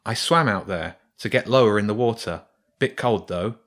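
A man's voice: fairly low pitch, moderate pace, fairly bright tone, close to an everyday voice. A man voicing a casual adult gallery owner in a storybook, talking offhandedly.

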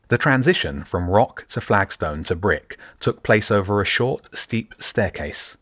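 A male narrator reads a fantasy audiobook in a measured, descriptive way. His voice sits fairly low, and the recording is close and dry. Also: lively intonation, a bit bright, no echo.

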